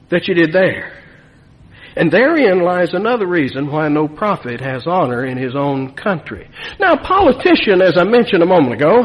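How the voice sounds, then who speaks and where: Animated folksy preacher man in a hall. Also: high voice. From Nevada. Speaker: pastor. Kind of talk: sermon. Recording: long reverb of a church hall.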